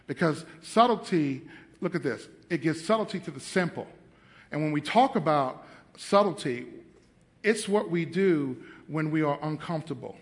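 A middle-aged man preaching a sermon, animated, acting out scenes in changing voices and laughing often. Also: fairly high pitch, moderate pace. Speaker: pastor.

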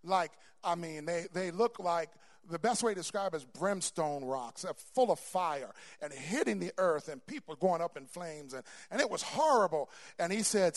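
A man preaching a sermon to a congregation, stammering on repeats and building to loud, emphatic peaks. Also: a little high, animated, moderate pace, hardly any pauses. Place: church before a congregation.

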